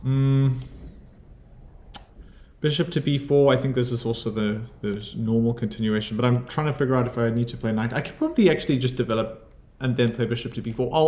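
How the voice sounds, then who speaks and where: A man's voice: medium pitch, brisk, darkish tone, reverberant. A South African man from South Africa, a chess streamer chatting casually and thinking aloud about his moves as he plays. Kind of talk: casual commentary over his own chess game.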